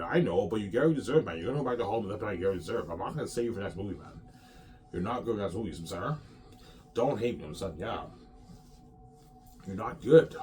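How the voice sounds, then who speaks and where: Brash male host, lowish voice, rambling boastful monologue. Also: lively intonation, fast, long pauses, dark tone, a little hiss or hum. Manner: brash, repetitive, ends phrases with "man". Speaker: show host.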